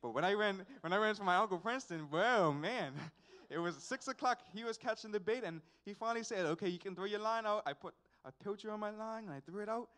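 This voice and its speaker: A young man from Bermuda speaks in a notably high register as he preaches. He tells his story in an earnest, relaxed way, chuckling now and then as he leads into a spiritual lesson. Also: fairly quick. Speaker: young preacher at a graduation service. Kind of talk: personal testimony sermon.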